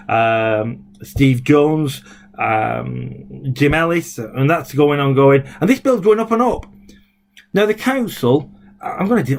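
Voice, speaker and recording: A man, a former local councillor, talking indignantly in a rambling video blog full of fillers and restarts. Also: fairly high pitch. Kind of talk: casual video blog rant.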